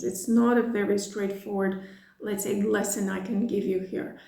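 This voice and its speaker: A woman from Portugal gives an online language lesson, playful and full of quick asides. Her voice is mellow and warm. The room around her sounds echoey. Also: mid-range voice. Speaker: language teacher.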